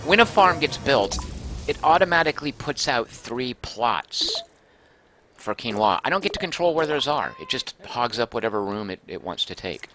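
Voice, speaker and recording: A man's voice: medium pitch, sing-song, moderate pace, sharp tone, faint music behind. A man casually commenting as he streams a game, thinking aloud and reading out viewer comments.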